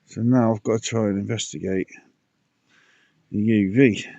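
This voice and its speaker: A man's voice: lowish voice, fairly even intonation, normal speed, creaky, dark tone, no echo. A man casually talking through pond repairs outdoors, muttering to himself and out of breath, recorded on dull lo-fi audio. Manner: muttering, self-talking while working. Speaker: pond keeper vlogger. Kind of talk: casual DIY vlog commentary.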